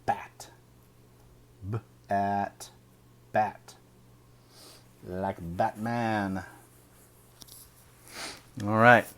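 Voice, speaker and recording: A man teaching a phonics lesson, sounding out each word slowly and deliberately. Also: on the low side. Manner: slow, deliberate sounding out of words.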